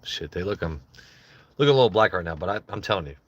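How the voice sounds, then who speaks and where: A man's voice: low voice, lively intonation, quick pace, a bit bright, dry recording, lo-fi sound. A man hosting a casual livestream, rambling and joking with his chat in loose asides. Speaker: livestream host.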